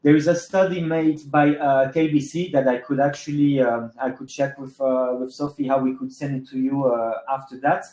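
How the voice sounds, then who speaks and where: A man's voice: mid-range voice, steady tone, moderate pace, few pauses, a little mellow. A man with a French accent, a native French speaker, answering audience questions in a live webinar, hesitant and full of fillers. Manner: hesitant, many fillers and restarts. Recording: echoey room.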